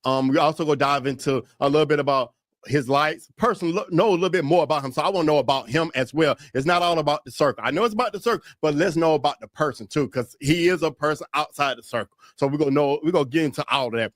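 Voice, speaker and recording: Male interview host, fairly high voice, relaxed and jokey, dry close sound. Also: quick pace, dry recording. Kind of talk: casual interview.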